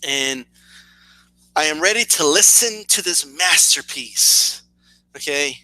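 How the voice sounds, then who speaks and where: A man's voice: sits high, lively intonation, unhurried, long pauses, bright, forceful tone, dry recording, rough recording. A man hosting a reaction video, talking in a mocking, sarcastic way with frequent stutters and restarts. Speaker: reaction channel host.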